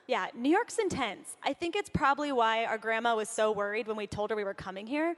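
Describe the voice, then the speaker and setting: A woman's voice: on the high side, normal speed, hardly any pauses, fairly bright tone. A young woman from Southern California giving a chatty, upbeat talk on stage, laughing often. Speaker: conference speaker. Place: large hall on stage. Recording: long hall reverb.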